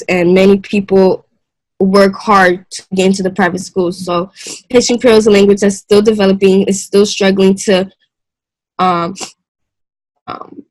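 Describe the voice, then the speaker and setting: A young woman presents to a class in a halting, unsure manner, stopping and restarting her sentences and clearing her throat along the way. Her pitch stays level and even. The sound is dry and close. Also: dry recording, low-quality recording. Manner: hesitant, halting, with many fillers and restarts. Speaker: student presenter.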